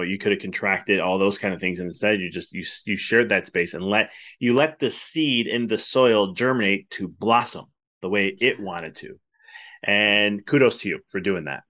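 A man's voice: fairly low pitch, sharp tone. A man hosting a podcast, talking in an earnest, effusive and rambling way. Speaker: podcast host. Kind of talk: casual interview talk.

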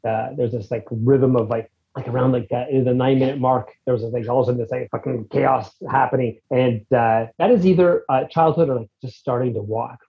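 Man, middle pitch, rambling casual talker, slightly lo-fi sound. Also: a little fast, vocal fry, hardly any pauses. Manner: rambling and animated, restarts, acts out his reactions. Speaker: guest reviewing a music track. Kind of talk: casual chat.

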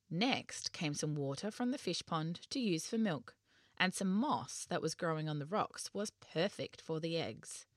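A woman narrating a children's story in an expressive, lively way. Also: on the low side, dry recording, studio quality.

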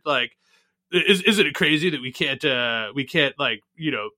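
Sarcastic man with a bright voice. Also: mid-range voice, animated, measured pace. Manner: sarcastic, exasperated. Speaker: podcast co-host. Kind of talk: casual political chat.

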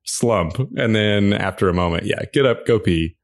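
Easygoing man with a low voice. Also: normal speed. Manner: easygoing, rambling with fillers. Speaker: podcast co-host. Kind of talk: casual comedic chat.

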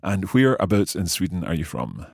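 A man's voice: deep voice, big pitch swings, moderate pace, creaky, husky, no echo, clean studio sound. A middle-aged man hosting a language lesson podcast, curious and good-humoured, asking lots of questions. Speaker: podcast host and learner. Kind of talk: scripted language lesson chat.

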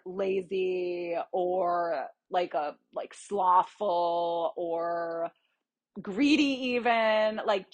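A young woman hosting a casual solo podcast, chatty and rambling, explaining things through everyday examples. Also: mid-range voice. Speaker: podcast host.

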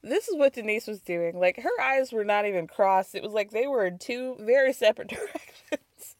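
A woman with a cold hosts a casual recap, her voice sitting a little high. She gossips, laughs often and acts out quotes. The sound is close and dry. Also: lively intonation, moderate pace, no echo. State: has a cold. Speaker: podcast host.

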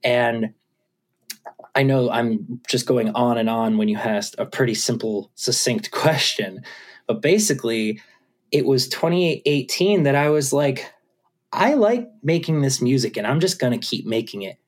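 A man who is a musician, chatting casually as an interview guest, animated and swearing, acting out his own thoughts. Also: medium pitch, unhurried. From USA.

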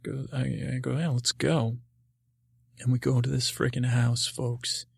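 A man hosting a podcast, rambling through a dreamlike story in halting, filler-heavy speech. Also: medium pitch, completely flat delivery, creaky, darkish tone, slightly rough, no room sound, clean studio sound. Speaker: podcast host.

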